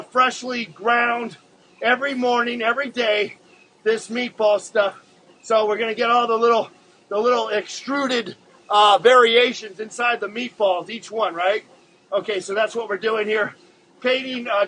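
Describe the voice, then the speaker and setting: A man with a high-pitched voice hosts a casual live-streamed drawing show. He rambles in a laid-back way, addressing viewers as guys and pausing often on filler words. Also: fairly bright tone, a little hiss or hum, low-quality recording.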